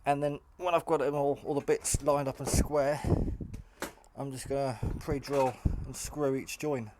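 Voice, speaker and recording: At a measured pace and steady tone, a medium-pitched man chats his way through a casual home-build vlog, rambling with plenty of fillers while he works. The hobbyist maker sounds tired, half asleep, with faint background noise and clicks in the recording.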